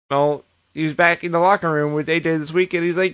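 A man co-hosting a podcast, giving an animated casual recap with plenty of swearing. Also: on the high side, fast. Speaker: podcast co-host. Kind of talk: casual chat.

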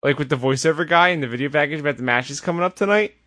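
A man's voice: on the high side, racing, pushed and bright, no room sound. A man co-hosting a podcast in casual chat, explaining at length and laughing easily. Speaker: podcast co-host.

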